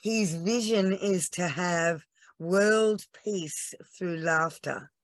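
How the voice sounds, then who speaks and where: Woman, podcast guest, teary, earnest, slow pace, dry close sound. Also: fairly low pitch, no echo. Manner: earnest and emotional, slow storytelling with pauses. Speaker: laughter yoga trainer, podcast guest. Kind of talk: podcast interview.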